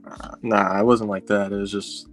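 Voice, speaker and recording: A young man and basketball player being interviewed, giving short, low-key answers. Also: flat delivery, normal speed, faint music behind. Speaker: high school basketball player. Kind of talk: casual chat.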